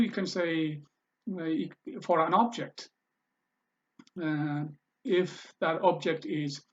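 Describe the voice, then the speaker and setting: A man's voice: fairly high pitch, highs cut off. A man teaching a language lesson over a screen recording, patiently repeating each pronunciation and thinking aloud as he edits his slides.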